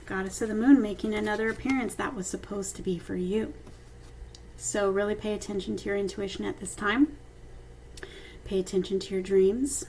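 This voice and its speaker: A woman at a mid pitch gives a casual card reading, talking straight to her viewers. Her delivery is chatty, and she keeps checking in with them as she goes. A faint hiss runs underneath. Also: a little mellow, poor audio. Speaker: tarot card reader. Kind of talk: casual intuitive reading to camera.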